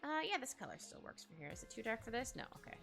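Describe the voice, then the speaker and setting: A woman's voice: fairly high pitch, big pitch swings, rapid-fire, creaky, a bit bright. A woman casually chatting while she draws on a stream, rambling and giggly as she reads and answers her chat. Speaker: art streamer. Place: home streaming setup. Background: faint background music.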